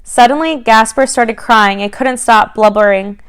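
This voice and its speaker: A woman reads a bedtime story to children in an expressive, friendly way, as a church children's ministry storyteller. Her voice is smooth and clear and sits a little high. She addresses the listening children directly. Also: normal speed. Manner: warm, expressive reading to children.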